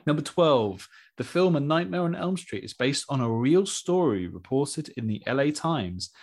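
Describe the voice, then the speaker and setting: Man, co-host, reads odd facts, dry deadpan comments, video call audio. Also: medium pitch, normal speed. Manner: wry, deadpan asides after each fact. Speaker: podcast co-host. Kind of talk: casual chat reading out facts.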